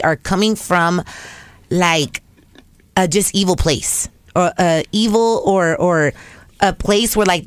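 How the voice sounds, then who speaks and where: A woman co-hosting a podcast in casual chat, with a raspy voice, chatty and laughing often, slipping Spanish phrases into her talk. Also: fairly low pitch, dry recording. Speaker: podcast co-host.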